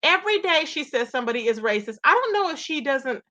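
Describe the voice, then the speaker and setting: A woman's voice: high-pitched, big pitch swings, fast talker, sharp tone, highs cut off. A woman hosting her own channel, chatting casually and laughing often as she recaps online gossip. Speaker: commentary channel host.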